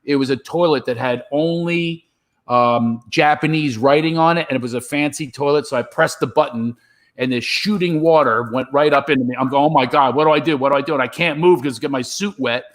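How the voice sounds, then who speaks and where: Animated middle-aged comedian telling stories. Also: male voice, mid-range voice, moderate pace. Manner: animated, acts out his own reactions. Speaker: stand-up comedian. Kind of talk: storytelling on a live stream.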